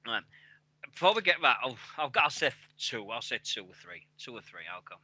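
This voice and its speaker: Very animated and a little fast, this forties-aged English radio host has a medium-pitched, pushed, bright voice with no room sound. Into his headset mic he rambles casually, swearing a lot and laughing at himself.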